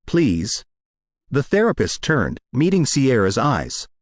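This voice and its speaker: Male narrator; expressive, animated read, mid pitch, dry booth sound. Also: moderate pace, no echo. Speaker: audiobook reader. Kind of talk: narrating a story.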